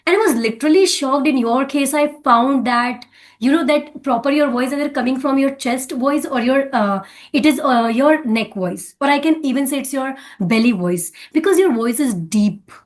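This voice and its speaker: A woman's voice: high-pitched, normal speed. A woman with an Indian English accent, coaching in a casual talk about speaking English and often checking in with "right?".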